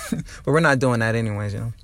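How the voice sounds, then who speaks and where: A man's voice: mid-range voice, fairly quick, a bit bright, no echo. A young man from New Jersey, a comedian hosting his own podcast, ranting heatedly and with lots of profanity from his car. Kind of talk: angry ranting podcast monologue.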